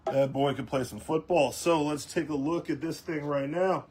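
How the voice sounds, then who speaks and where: A man's voice: fairly high pitch, fairly even intonation, normal speed, heavy background noise. A man hosting a casual sports talk show, rambling along with lots of ums and restarts. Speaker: host.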